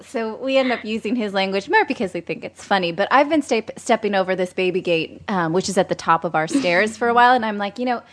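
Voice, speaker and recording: A pregnant woman in her thirties hosts a casual conversation. She is chatty and laughs often. Her voice sits at an ordinary middle pitch. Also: fast, few pauses. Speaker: podcast host. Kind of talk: casual chat.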